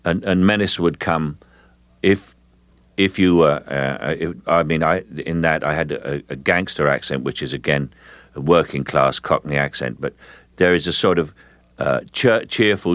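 A man being interviewed as an actor guest, explaining his craft in a measured way with frequent restarts. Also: deep voice, fairly bright tone, dry recording. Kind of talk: interview answers.

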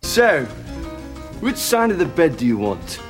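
Cheeky British spy, leering, swooping up and down, higher voice, film music behind. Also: male voice, very animated, a little slow. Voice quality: leering, innuendo-laden. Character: cheeky swinging 1960s British male spy.

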